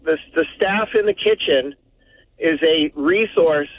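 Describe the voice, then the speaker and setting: A man's voice: fairly high pitch, measured pace, dry recording. A man calling in to a radio show, rambling and repeating words as he talks. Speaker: caller. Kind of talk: phone-in talk. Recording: tinny phone line.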